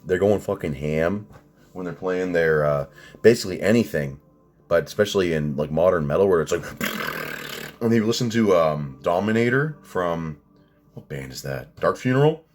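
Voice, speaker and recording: A man's voice: low voice, very animated, moderate pace. A man in his thirties ranting sarcastically in a casual vlog, swearing often. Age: 30s. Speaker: vlogger.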